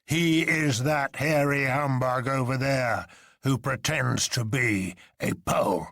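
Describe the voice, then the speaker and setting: A man's voice: mid-range voice, slow pace, fairly bright tone, no room sound, clean studio sound. A man voicing a huge, commanding older man who presides over an anarchist council, drawling with grand mockery.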